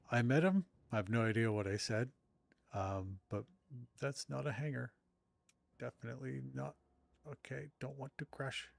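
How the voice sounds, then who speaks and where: A man's voice: fairly low pitch, dry recording. A middle-aged man chatting casually with his live-stream audience while playing, self-deprecating and rambling. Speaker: streamer and author.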